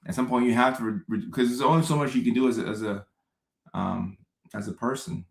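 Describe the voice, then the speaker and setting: A man's voice: medium pitch, fairly quick, vocal fry, reverberant. A man, a psychiatrist hosting a live stream, casually answering chat comments and often repeating his phrases for emphasis.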